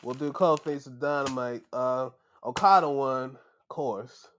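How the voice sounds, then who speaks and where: A man hosting a podcast, giving a casual wrestling recap and acting out the wrestlers' lines in an animated way. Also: medium pitch, a little slow, slight background noise. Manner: animated, acts out wrestlers' lines, laughs and shouts when excited. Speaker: podcast host.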